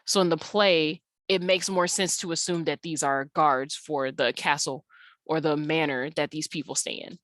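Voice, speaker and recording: Woman, English teacher, recorded lesson. Low-ish voice, dry recording, loose delivery full of fillers. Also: fairly even intonation, moderate pace, fairly bright tone, dry recording. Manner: casual explaining with many fillers and restarts. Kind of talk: recorded slide-by-slide tutorial.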